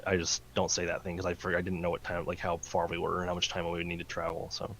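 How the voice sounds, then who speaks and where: A man playing a tabletop game, talking in a halting way with many fillers and restarts. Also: deep voice, monotone, vocal fry, a bit bright, slight background noise, rough recording. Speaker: player. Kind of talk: casual tabletop game chat.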